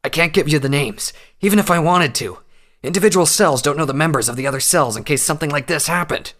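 A man's voice: on the high side, quick pace, a bit bright, pitched above the performer's own voice, lightly acted. A man voicing a defiant, captured male pony saboteur under interrogation. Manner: defiant, strained. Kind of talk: audiobook character voice.

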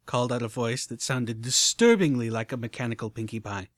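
A man narrating a story in the first person with expressive, animated delivery. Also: medium pitch, a little fast, few pauses, no room sound, studio quality. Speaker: audiobook narrator.

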